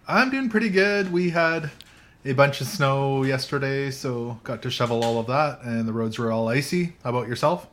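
A man's voice: mid-range voice, moderate pace, fairly bright tone, a little hiss or hum. Guy hosting a tech chat from a coffee shop, laughs a lot, chatty. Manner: chatty, laughs often, restarts sentences. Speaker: podcast host. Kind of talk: casual chat.

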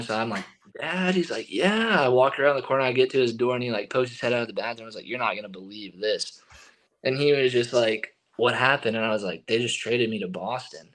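A young man in his twenties, a baseball pitcher telling his story as a guest in a casual, rambling way, full of fillers. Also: fairly bright tone, low-quality recording.

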